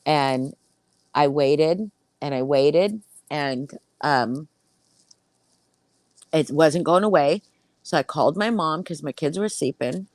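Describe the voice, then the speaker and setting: A low-voiced woman podcast host tells a story in loose, casual chat, swearing constantly and speaking with lively, animated energy. She goes slowly with long pauses, and the sound is dry and close with no room sound.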